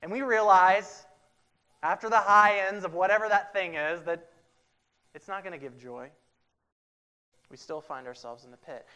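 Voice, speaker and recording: Emphatic man preaching a sermon. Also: sits high. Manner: emphatic, repeats key phrases, swings from loud to hushed. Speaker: pastor.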